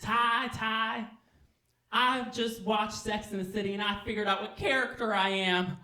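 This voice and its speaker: A man voicing an excitable young male soldier from a small town who gushes and keeps repeating his friend's name. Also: high voice, a little slow, reverberant, pitched above the performer's own voice, exaggerated voice. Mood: eager. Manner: eager, gushing, repeats your name.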